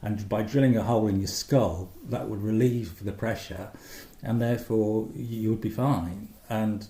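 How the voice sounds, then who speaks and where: A man co-hosting a relaxed podcast, explaining things with easy laughter. His voice is warm and mellow, with a roomy echo around it. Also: fairly low pitch, a little slow. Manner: explanatory, easily amused. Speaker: podcast co-host. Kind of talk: casual chat. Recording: echoey room.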